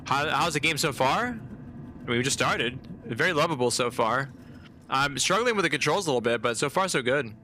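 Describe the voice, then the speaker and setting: A man's voice: mid-range voice, lively intonation, moderate pace, bright, forceful tone. A man streaming a game live, chatting casually and reacting with surprise as he plays. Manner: chatty, easily surprised, talks to chat. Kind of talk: live gameplay commentary.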